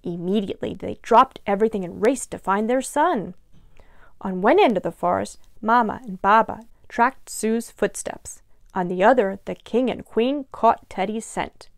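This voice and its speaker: A woman librarian reading a picture book aloud to young children in an expressive, animated way. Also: mid-range voice, moderate pace, no echo, studio quality. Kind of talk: children's storytime read-aloud.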